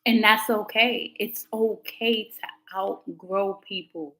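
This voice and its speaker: A woman's voice: mid-range voice, steady tone, slow, fairly bright tone, poor audio. Chatty woman tarot reader on a livestream. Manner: chatty and candid, slangy, talks back to chat comments. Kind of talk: casual livestream chat with viewers.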